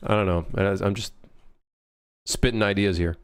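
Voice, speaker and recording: A man with a lowish voice chatting live while he works on his game. He rambles from thought to thought, cracks jokes and swears freely. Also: steady tone, normal speed, smooth. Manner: rambling, jokey, swears freely, thinks out loud. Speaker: game developer streaming. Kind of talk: casual live-stream chat.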